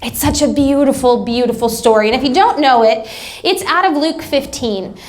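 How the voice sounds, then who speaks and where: A woman's voice: high-pitched, normal speed. A woman pastor giving a sermon, telling humorous family stories in a chatty way. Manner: chatty, humorous anecdotes with acted-out quotes. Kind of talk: sermon storytelling.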